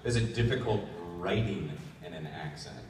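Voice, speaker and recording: A man's voice: low-pitched, expressive, normal speed, over loud music. A man moderating a convention panel, wry and teasing as he asks questions. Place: large convention hall. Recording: echoey hall, distant mic, crowd noise.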